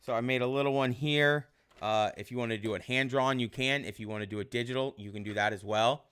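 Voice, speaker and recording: A male teacher giving casual online class instructions in a relaxed, rambling way with many fillers. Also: medium pitch, quick pace, smooth.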